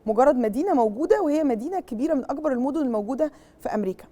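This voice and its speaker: A woman's voice: sits high, expressive, very fast, mellow. A young woman with an Egyptian accent teaching an English lesson to young pupils, switching between English and Arabic, repeating key words and checking with "okay?".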